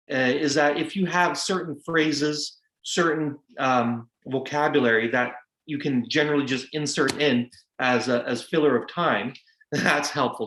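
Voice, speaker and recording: A man's voice: mid-range voice, fairly bright tone. A man in his forties, a lawyer and guest speaker, giving practical advice in a casual, self-deprecating way with many fillers. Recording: roomy echo.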